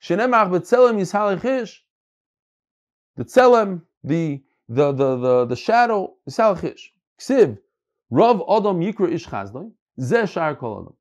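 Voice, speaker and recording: A man's voice: high voice, big pitch swings, a little slow. A man teaching a Talmud class, reading passages aloud and explaining them, often repeating words as he searches for phrasing.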